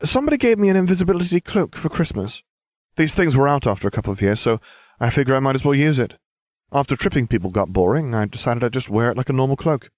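A man voicing a smug, scheming teenage boy wizard who talks briskly and bossily. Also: mid-range voice, expressive, a little mellow, no echo, voice pushed up, natural voice. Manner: brisk, self-satisfied, bossy.

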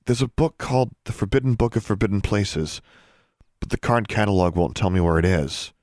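A man voicing a curious young witch girl who asks quick questions. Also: on the low side, expressive, darkish tone, no room sound, clean studio sound, close to an everyday voice. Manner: inquisitive, rapid questions.

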